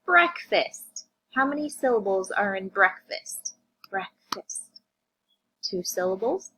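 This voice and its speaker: A woman teacher reviewing vocabulary and phonics with young children, sounding words out slowly and asking them questions. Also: mid-range voice, a bit bright, slightly rough, rough recording. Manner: slow, drawn-out phonics sounding-out, addressing kids.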